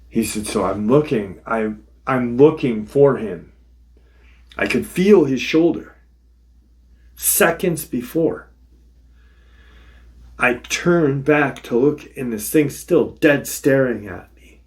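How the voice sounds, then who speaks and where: A man's voice: mid-range voice, takes it slowly, long pauses, a little mellow. A man hosting a paranormal channel, casually retelling a witness's encounter in first person, swearing freely and repeating "he said". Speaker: paranormal podcast host.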